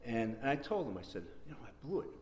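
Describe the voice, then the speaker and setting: A man giving a rambling, repetitive spoken testimony in a church meeting room, breaking into sudden excited bursts. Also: mid-range voice, quick pace, a little hiss or hum. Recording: roomy echo.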